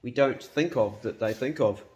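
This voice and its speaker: A New man in his fifties talks casually to camera in his home kitchen. He is blunt, swears freely and laughs easily, at a middling pitch. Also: normal speed, a little mellow. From New Zealand. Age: 50s. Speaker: hunting and cooking vlogger.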